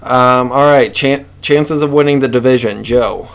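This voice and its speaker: A man's voice: medium pitch, measured pace, vocal fry. A man hosting a casual sports chat, running through lists of names and teasing his co-hosts. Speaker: podcast host.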